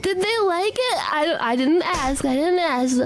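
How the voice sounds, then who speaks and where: A woman's voice: very high-pitched, animated, a little slow. A woman streamer telling a story casually, stammering and repeating phrases. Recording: clear music behind voice.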